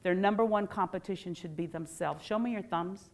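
A middle-aged woman giving a playful, animated workshop talk to parents and quizzing the audience. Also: fairly low pitch, a little fast.

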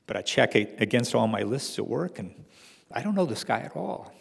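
Male storyteller, gravelly voice, dry wry humor, reverberant hall recording. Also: medium pitch, very animated, normal speed. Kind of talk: personal story told to an audience.

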